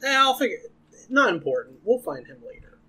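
A man's voice: very high voice, very animated, brisk, pushed and bright, husky. A man co-hosting a podcast, recapping a TV episode in a wry, blunt casual chat with casual swearing. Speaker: podcast co-host.

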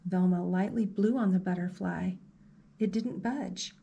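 Librarian reading a storybook to kids, slow, gentle, soft-spoken, woman. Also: on the low side, gravelly, husky, dull audio. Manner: slow, gentle, asks the listener questions. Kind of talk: reading a picture book aloud to children.

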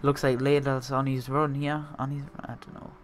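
A young man, from north-east England, hosting a let's-play of a football management game and swinging between muttering and excited outbursts. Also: medium pitch, moderate pace, soft background music. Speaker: gaming video host.

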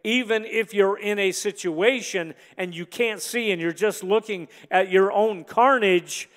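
Man preaching, fairly high voice, goes soft then really pushes it, big echoey church. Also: unhurried, hardly any pauses. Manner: builds from hushed reflection to emphatic preaching. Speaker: pastor. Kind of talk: sermon. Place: large church hall. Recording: long hall reverb.

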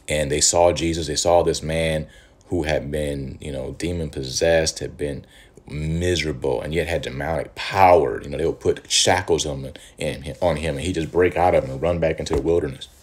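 Male pastor, very deep voice, husky tone, animated conversational Bible teaching. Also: moderate pace. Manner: animated, conversational preaching with rhetorical questions. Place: Michigan.

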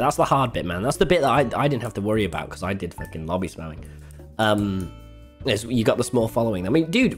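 An excitable young man talks to his stream audience while he plays. He swears freely and hops between the game and the chat, his voice leaping up and down across a lively, mid-height register. Soft music runs quietly underneath. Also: medium pitch.

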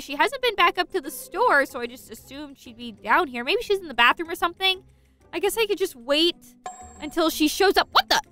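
A young woman hosting a gaming channel, narrating a game role-play in a chatty, excitable way and talking to her viewers. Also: very high-pitched.

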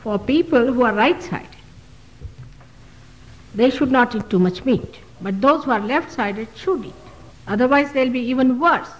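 A woman's voice: fairly high pitch, expressive, a little slow, pauses often, in a large hall, poor audio. A woman, a spiritual teacher answering audience questions at a public talk, emphatic and full of rhetorical questions. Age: 60s. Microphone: loudspeaker microphone.

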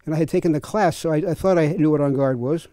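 A man's voice: on the high side, fast talker, dark tone, dry recording, studio quality. An older man and fencing coach, telling chatty, chuckling anecdotes at a clinic. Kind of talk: casual anecdotal storytelling.

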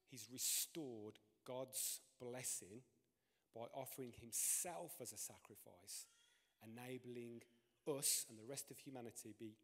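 A man preaching a sermon as pastor, animated, his voice climbing and dropping in pitch and loudness. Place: church. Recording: long reverb of a church hall.

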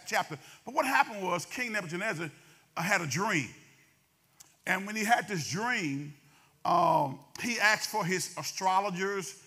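A man preaching a sermon as pastor, talking fast and calling out to the congregation. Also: high voice, sharp tone, husky.

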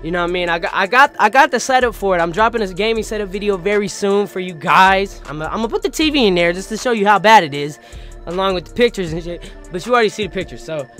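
High-voiced young man ranting casually. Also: quick pace, faint music behind. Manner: profane, animated, peppered with "bro" and "you know what I mean". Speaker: gaming YouTuber. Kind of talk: casual storytime rant.

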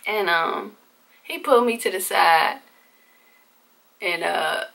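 Bright-voiced woman telling a candid story. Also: fairly low pitch, takes it slowly, creaky. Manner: candid, profane, conversational. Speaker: vlogger.

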